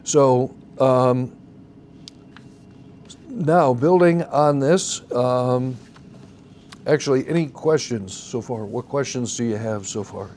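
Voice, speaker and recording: Patient male instructor with a mellow tone, faint background hiss, teaching a class. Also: medium pitch, slow pace, pauses often. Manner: patient, explains step by step, asks the class questions. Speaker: song leading teacher. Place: church classroom.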